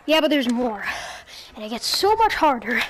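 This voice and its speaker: A woman giving casual gameplay commentary at home on a headset, talking to the game and shouting at the enemies in frustration. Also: a little high, very animated, moderate pace, background noise. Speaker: gaming YouTuber.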